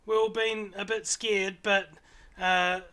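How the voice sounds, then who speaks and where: A man's voice: high-pitched, flat delivery, takes it slowly, bright, forceful tone, heavily acted. A man voicing a tiny, fluffy owlfolk child who earnestly and politely explains the trouble in a tabletop game.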